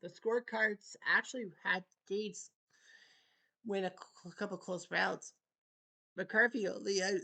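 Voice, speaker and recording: A man's voice: high voice, pushed and bright. A man casually recapping a boxing tournament's results as host, with offhand asides between bouts.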